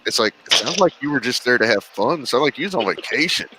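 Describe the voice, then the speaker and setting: A man's voice: medium pitch, expressive, quick pace, bright, forceful tone, slight background noise, poor audio. A middle-aged man in a laid-back chat, telling stories and chuckling often. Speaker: guest. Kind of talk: casual chat.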